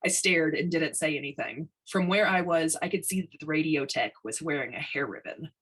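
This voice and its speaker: A woman reading a science fiction short story aloud, expressive storytelling. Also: low voice, fairly quick, husky, low-quality recording. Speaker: story reader.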